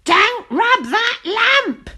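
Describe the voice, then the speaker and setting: A kindly, flustered storybook witch, put on by a woman reading aloud, pitched well up and swinging widely as she fusses. She exclaims and drags her words out slowly when she pleads. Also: very animated, pushed and bright, heavily acted. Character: flustered, kindly female witch hosting a crowded party.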